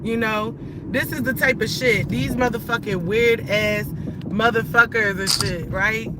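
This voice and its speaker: A woman in her thirties on a live stream, cursing and ranting heatedly at viewers while she drives. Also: fairly high pitch. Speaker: livestreamer. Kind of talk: angry live-stream rant. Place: inside a car while driving. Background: faint car noise.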